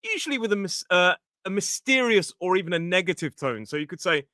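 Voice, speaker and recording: A British man hosting an English-learning podcast, chatting casually and explaining vocabulary clearly. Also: high voice, expressive, quick pace, hardly any pauses, sharp tone, no echo, studio quality. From England. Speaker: podcast host and English teacher. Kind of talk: casual educational podcast chat.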